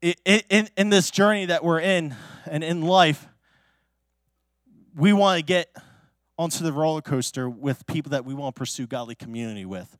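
A man's voice: a little high, normal speed, long pauses, no echo, clean studio sound. A male pastor preaching in a church in a casual, story-driven way, talking in a chatty manner full of fillers and restarts.

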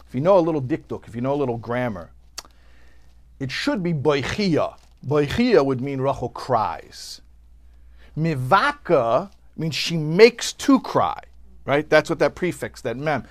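A man teaching a sermon, swinging from hushed storytelling to loud, impassioned outbursts and translating Hebrew phrases line by line. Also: fairly high pitch. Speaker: Torah teacher.

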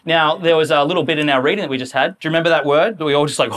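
A man preaching a sermon in a church, talking in a lively, conversational way and acting out quoted voices. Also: a little high, very fast, few pauses.

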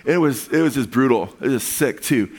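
A man preaching a sermon in a loose, conversational way, often restarting phrases and building to excited emphasis. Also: mid-range voice, fast. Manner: animated and conversational, with frequent restarts and rising emphasis. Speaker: pastor.

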